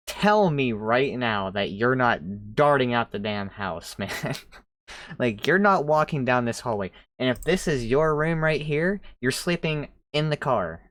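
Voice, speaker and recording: Animated man reacting to ghost clips. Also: medium pitch, no echo. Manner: animated, swearing, exclaiming, riffing. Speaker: reaction video host. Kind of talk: casual reaction commentary.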